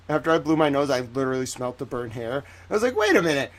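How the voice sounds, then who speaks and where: A young man hosting a livestream, talking casually in a chatty, rambling way that turns animated when he is indignant. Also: medium pitch, fast talker. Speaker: livestream host.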